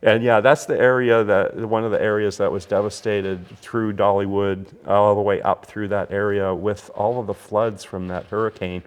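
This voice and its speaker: A man's voice: fairly low pitch, flat delivery, normal speed, few pauses, clear, resonant tone. A man hosting a casual whiskey tasting chat, rambling like a storyteller with many restarts. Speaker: podcast host.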